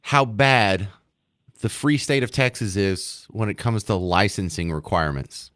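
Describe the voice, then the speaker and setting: A man hosting a radio talk show, brisk and lively, his pitch rising when he stresses a point. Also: no echo. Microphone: studio mic. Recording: dry studio.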